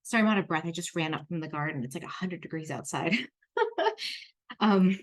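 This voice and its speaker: A woman's voice: deep voice, moderate pace. Chatty woman herbalist explaining plants. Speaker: clinical herbalist and podcast host. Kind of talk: casual spoken herbal lesson.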